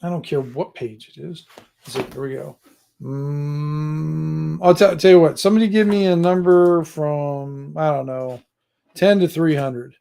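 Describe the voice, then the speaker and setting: A man hosting a live stream about writing a tabletop adventure, chatting casually at home. His voice is fairly high and gravelly, and he rambles as he thinks aloud and ribs his viewers. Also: fairly even intonation, measured pace, dark tone, a little hiss or hum. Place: home room with gear and books behind him.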